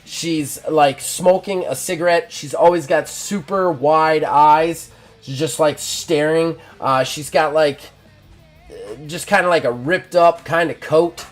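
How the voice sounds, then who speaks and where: A man narrating a solo journaling tabletop game live, casual and relaxed with many fillers and restarts. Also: fairly high pitch, a little slow, soft background music.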